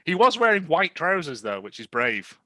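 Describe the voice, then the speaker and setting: A man's voice: fairly high pitch, very animated, normal speed, bright, forceful tone, no echo. A man co-hosting a podcast, recapping a film in a casual, laughing way. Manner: laughing recaps, acting out lines in silly voices. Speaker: podcast co-host. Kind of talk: casual chat.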